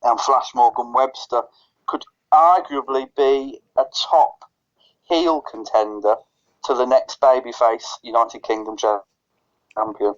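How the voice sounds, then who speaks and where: Man, podcast co-host, casual chat, stutters and restarts, mid-pitched voice, dull lo-fi recording. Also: fairly even intonation, takes it slowly.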